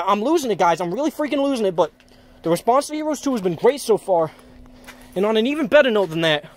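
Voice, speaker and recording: A young man giving a comedic rant to camera, stammering and repeating himself, worked up, swearing and exasperated. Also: high voice. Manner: stammering, frequently repeating words. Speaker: comedy web video creator.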